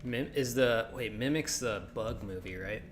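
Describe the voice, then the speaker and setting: A man's voice: mid-range voice, moderate pace, slight background noise. A man streaming a game, chatting casually and joking as he thinks aloud, his voice a little sore. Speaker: gaming streamer. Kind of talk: casual let's-play commentary.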